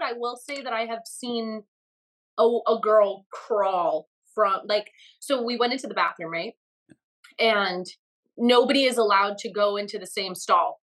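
Bright, animated woman telling stories. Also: on the high side, low-quality recording. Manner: animated storyteller, laughs often. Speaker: guest actress. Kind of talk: casual podcast interview.

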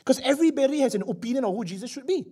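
High-voiced preacher. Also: male voice, lively intonation, rapid-fire, husky. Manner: emphatic, rising and dropping between loud declarations and hushed asides. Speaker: pastor. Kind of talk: sermon.

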